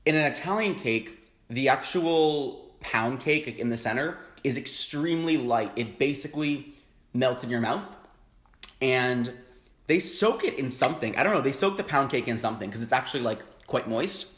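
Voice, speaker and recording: A young man hosting an eating show, chatting casually and excitedly between bites with lots of happy humming. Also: mid-range voice, moderate pace, echoey room. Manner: chatty, excitable, frequent hums of enjoyment. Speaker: mukbang host. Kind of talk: casual chat while eating. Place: home, indoors.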